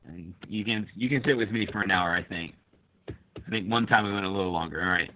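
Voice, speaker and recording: A male teacher runs a live online lesson, explaining patiently one step at a time and calling on students. His voice is bright and forceful. The audio comes through a little dull and lo-fi. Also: low-pitched, fairly quick, slight background noise.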